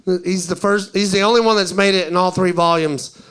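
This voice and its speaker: Southern man, stand-up comedian, high voice, storytelling, acts out tourists. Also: fairly even intonation, normal speed, a bit bright, clear, resonant tone. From East Tennessee.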